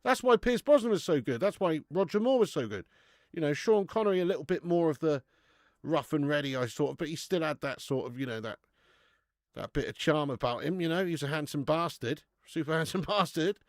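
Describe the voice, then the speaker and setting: A man's voice: fairly high pitch, expressive, fairly quick, no echo, studio quality. A young man hosting a football watch-along stream, chatting casually with viewers and swearing freely. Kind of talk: casual live-stream chat and match commentary.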